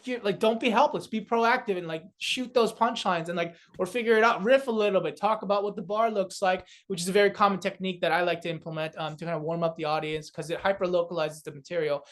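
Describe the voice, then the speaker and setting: A man's voice: high voice, steady tone, fast talker, few pauses. A young man from South Korea, a comedian, chatting casually in an interview, loose and rambling with lots of fillers. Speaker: comedian guest.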